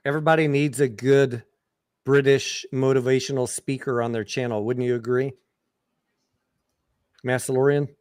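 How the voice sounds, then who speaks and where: A man hosts a casual live stream and reads chat aloud between jokes. His manner is laid-back and friendly, at a middle pitch. The sound is close and dry. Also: steady tone, normal speed, pauses often, darkish tone, clean tone, dry recording.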